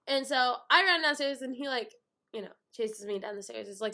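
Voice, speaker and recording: A young woman telling a holiday story to the camera in a casual, chatty way. Her voice sits a little high and sounds bright and clear, and she acts out each person's lines with lively energy. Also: brisk. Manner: animated, acts out both sides of the story. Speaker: vlogger.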